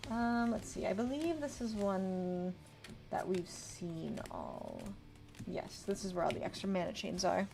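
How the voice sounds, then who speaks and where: A woman in her twenties streams live, chatting casually, reading card text out loud, and responding to her viewers, with faint music in the background. Her voice is medium-pitched and creaky.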